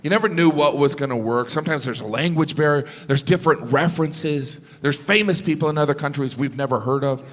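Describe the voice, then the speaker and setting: A middle-aged man from the United States doing a stand-up comedy set, deadpan and observational, jumping into high-pitched asides. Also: fairly quick, hardly any pauses. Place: large theater before a live audience. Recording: reverberant hall with live audience noise.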